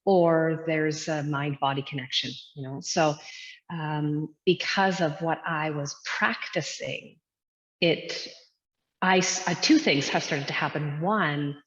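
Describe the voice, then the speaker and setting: A woman's voice: low-pitched, slow, fairly bright tone. A woman in her thirties, a yoga teacher, talking earnestly and reflectively in an interview from her studio, with many fillers. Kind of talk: casual interview talk. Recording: dull lo-fi sound with long echoey reverb.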